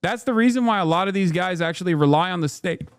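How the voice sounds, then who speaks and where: A man streaming casual reaction commentary, ranting in an animated, profane, rambling way into a close mic. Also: high-pitched, fast talker, clean tone, no room sound. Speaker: streamer host.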